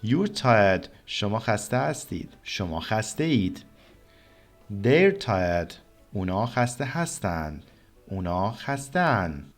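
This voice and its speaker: A man teaching a beginner Persian lesson, explaining slowly and repeating example phrases. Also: on the low side, very animated, faint music behind. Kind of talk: online language lesson.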